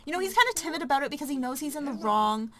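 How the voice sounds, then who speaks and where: A woman's voice: sits high, expressive, racing, bright, forceful tone. A woman casually narrating her life-sim gameplay, chatty and full of ums and likes. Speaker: let's play narrator.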